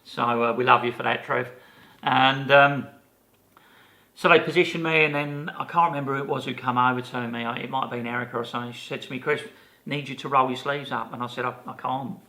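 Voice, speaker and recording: A man in his fifties, a podcast co-host, telling a lively anecdote in casual chat and acting out the people he quotes. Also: mid-range voice, fairly quick.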